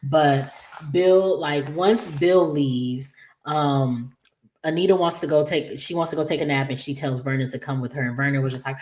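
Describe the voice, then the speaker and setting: A woman with a low, deep speaking voice hosts a casual recap of a soap episode. She talks in a chatty, animated way and acts out the characters' lines with playful asides. She laughs often as she goes. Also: moderate pace. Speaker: soap opera recap host.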